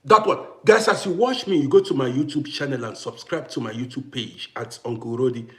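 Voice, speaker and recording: A man's voice: medium pitch, a little fast. A man with grown children, ranting to camera on his vlog in an emphatic, repetitive, challenging way. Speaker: vlogger. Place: living in Austria.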